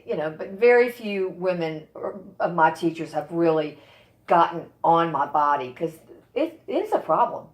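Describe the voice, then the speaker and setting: A woman's voice: lowish voice, lively intonation, normal speed. Candid woman voice student, roomy room. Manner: candid, hesitant, restarts often. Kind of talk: casual chat in a lesson.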